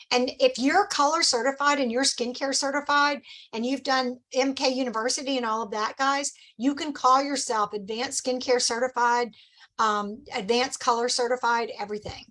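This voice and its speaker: A middle-aged woman leads a team meeting with a bright, high-pitched voice. She coaches in an upbeat, encouraging way and slips into quick acted-out customer lines. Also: low-quality recording. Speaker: sales director leading a team meeting. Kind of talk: motivational team meeting talk.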